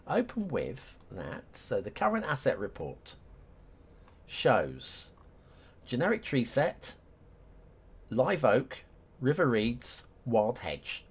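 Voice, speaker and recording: A man's voice: medium pitch, huge pitch swings, takes it slowly, pauses often, slightly rough. A middle-aged man chatting casually on a live stream, rambling and self-mocking as he laughs at his own jokes.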